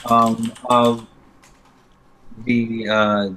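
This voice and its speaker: A man hosting a casual live-stream show, talking in a halting way with many ums and uhs. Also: mid-range voice, a bit bright, slight background noise, rough recording. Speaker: host of a lightsaber school's live show.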